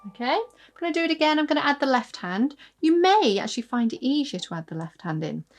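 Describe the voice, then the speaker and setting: A woman's voice: high voice, big pitch swings, fast, soft background music. A woman giving an online harp lesson, patient, counting aloud and singing out rhythms as she explains. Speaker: harp teacher. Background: harp playing.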